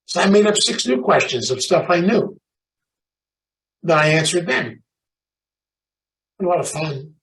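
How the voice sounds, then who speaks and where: A man giving an animated, storytelling talk at a recovery meeting, chatting with the audience. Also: a little high, unhurried, gravelly, long pauses, recorded from a distance, low-quality recording. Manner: animated, emphatic, chatty, calls out audience members. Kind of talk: motivational storytelling talk to a live group.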